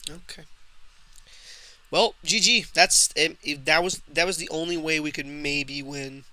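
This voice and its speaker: Bright-voiced man streaming a game. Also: on the high side, fairly even intonation, a little slow, no room sound. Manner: frustrated, swearing, talks to himself and chat. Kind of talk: casual live gameplay commentary.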